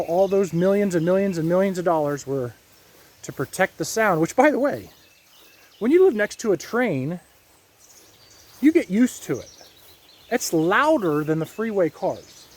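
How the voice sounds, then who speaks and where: A man's voice: high-pitched, a little mellow. A man from Ohio talking casually to his viewers in a rambling, folksy monologue with preachy asides. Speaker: vlogger.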